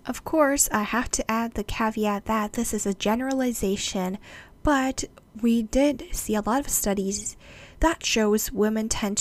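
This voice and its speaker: A woman presenting an explanatory video talk, measured and speaking straight to her viewers. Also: a little high.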